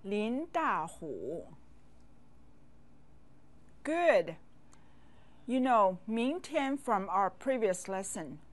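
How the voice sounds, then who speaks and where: Slow patient woman teacher, bit high voice, leads repeat-after-me drills. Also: sing-song. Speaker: language teacher. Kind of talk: classroom language lesson.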